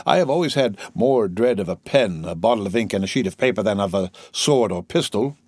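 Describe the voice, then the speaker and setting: A man's voice: on the low side, animated, normal speed, darkish tone, breathy edge, dry recording. A man doing a drunken old tailor. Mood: drunken musing. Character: drunken garrulous male tailor, sodden.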